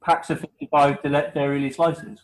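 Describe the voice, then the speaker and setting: A man's voice: on the high side, level tone, brisk, low-quality recording. Teasing man with a West Country accent. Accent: West Country English. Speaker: podcast co-host. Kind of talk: casual chat.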